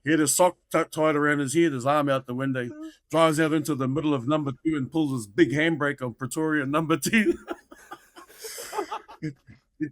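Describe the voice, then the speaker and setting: A man in his fifties with a New Zealand accent, a former rugby player appearing as a podcast guest, tells meandering rugby-tour stories and calls everyone mate. His voice is a little high with fairly level intonation, a moderate pace, and long pauses. The recording is dry.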